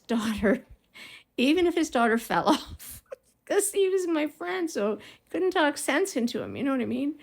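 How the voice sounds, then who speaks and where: A middle-aged woman vlogger telling a childhood story in a casual, rambling way, drifting into side remarks and laughing softly now and then. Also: a little high. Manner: rambling and digressive, with frequent small laughs.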